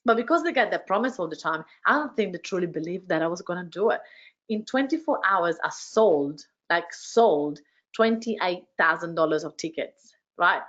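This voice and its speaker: A woman hosting an online workshop, telling her story with energy and heaping quick praise on participants. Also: fairly low pitch, expressive, fairly bright tone, muffled recording. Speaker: workshop host and business coach. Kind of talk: motivational storytelling to an online audience. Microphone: video call.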